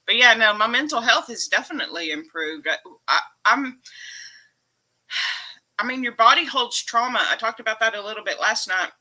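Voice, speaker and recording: A woman's voice: a little high, lively intonation, normal speed, bright, forceful tone. A woman hosting a casual livestream from home, emotional and upbeat, laughing often as she chats. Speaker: livestream host.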